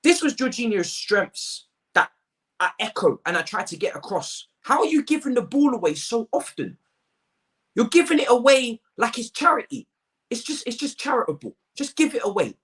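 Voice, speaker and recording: A man's voice: very high voice, sing-song, fairly quick. An exasperated man rants his way through a football review. He hammers his points home by repeating himself and leans on street slang. He speaks close to the mic. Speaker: football fan channel host. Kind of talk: ranting match review to camera.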